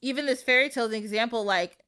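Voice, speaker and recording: A young woman hosting a podcast, retelling a fairy tale in an animated, casual way, swearing freely and acting out the quotes. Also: on the high side, racing, smooth. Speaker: podcast host. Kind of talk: casual storytelling.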